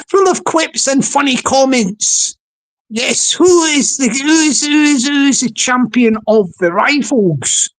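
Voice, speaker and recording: Slow, rambling woman. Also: sits high, expressive. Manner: rambling, repetitive, chatty. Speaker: live streamer. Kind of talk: casual livestream chat.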